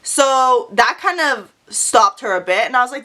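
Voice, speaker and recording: A young woman telling a story on her vlog in a brash, profane, animated way. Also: sits high, normal speed, few pauses. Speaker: vlogger.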